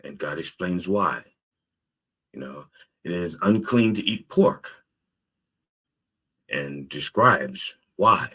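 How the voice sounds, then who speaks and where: A male preacher delivers a tongue-in-cheek sermon at a slow, deliberate pace. His voice is low and slightly husky, with a bright edge and lively pitch swings. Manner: playful, explanatory, with asides and fillers. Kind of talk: comedic sermon.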